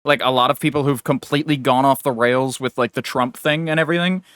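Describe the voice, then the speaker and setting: A young adult man co-hosting a podcast, talking in casual, rambling chat that is animated and full of restarts. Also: mid-range voice, fast talker, clear, resonant tone, dry recording, clean studio sound. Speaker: podcast co-host.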